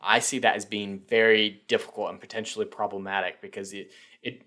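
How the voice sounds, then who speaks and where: A man's voice: fairly low pitch, level tone, fairly quick, pushed and bright. A man hosting a fan news channel, giving sarcastic, profane, opinionated commentary.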